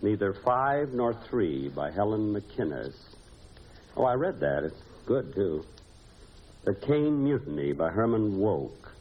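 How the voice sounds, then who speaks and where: A man hosting and narrating a 1950s radio comedy, with a dry, deadpan delivery and pauses for laughs. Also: lowish voice, husky. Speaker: comedy show host and narrator. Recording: hissy dull old radio recording.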